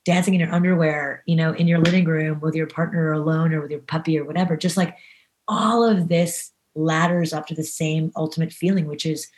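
A woman guest on a podcast talks in a low, easy voice, earnest and animated. She spills out her thoughts with plenty of fillers and restarts. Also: brisk. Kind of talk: casual interview talk.

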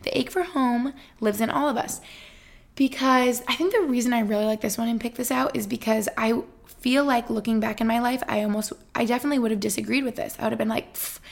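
Chatty young woman with vocal fry. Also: fairly high pitch, quick pace. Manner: chatty, bubbly, lots of fillers. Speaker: podcast host. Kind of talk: casual solo podcast chat.

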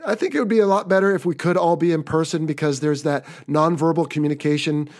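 A man's voice: a little high, steady tone, fast talker, darkish tone. Upbeat American man hosting a podcast. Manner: upbeat, chatty, slightly rambling. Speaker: podcast host. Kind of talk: casual podcast talk.

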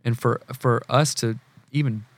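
A man's voice: medium pitch, unhurried, no echo. A man in his forties from the US South with a Southern accent, a counselor earnestly explaining ideas in a casual podcast talk. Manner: earnest, animated, acts out quoted people. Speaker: guest, family counselor.

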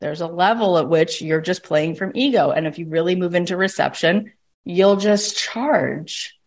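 A woman's voice: on the low side, normal speed. A woman in her thirties hosting a motivational podcast, talking in a breezy, enthusiastic way and acting out little quoted scenes. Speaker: podcast host. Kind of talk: animated motivational podcast talk.

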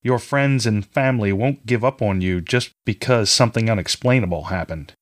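A man doing a gentle farmer father. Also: on the low side, normal speed, natural voice. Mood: gentle, fatherly. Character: gentle, concerned farmer father, middle-aged.

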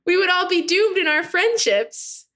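A woman guest on a podcast, telling a personal story with animated acted-out dialogue. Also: extremely high pitch, measured pace. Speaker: podcast guest, friendship expert. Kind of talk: casual conversational interview.

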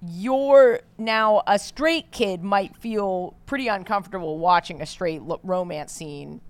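A woman with a New York accent, her voice hoarse with vocal fry, co-hosting a casual chat in a thoughtful, self-deprecating way. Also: mid-range voice, measured pace, dry recording. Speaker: podcast co-host.

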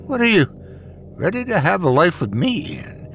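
A man putting on a deranged young woman from a horror story, pitched well above his own voice. She talks in a breathy, unhinged whisper with a giggling edge, sweet and menacing at once. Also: wildly swooping pitch, normal speed, fairly bright tone, faint music behind, exaggerated voice. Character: deranged obsessive young woman, creepy stalker ex.

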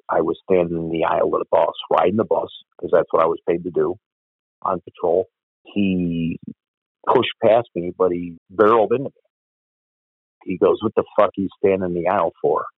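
A man's voice: low-pitched, no echo. A former police officer, telling blunt, profane stories from his career in an interview. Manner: blunt, profane, gravelly storytelling. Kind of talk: storytelling interview. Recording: dry, phone-like audio.

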